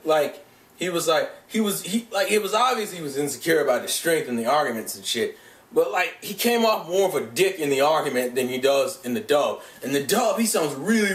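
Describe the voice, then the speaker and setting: A young man ranting excitedly about an anime dub, swearing a lot and often restarting his sentences. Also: fairly high pitch. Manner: profane, animated, gushing with restarts. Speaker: vlogger reviewing an anime dub. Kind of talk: casual excited rant. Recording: echoey room, mic set back.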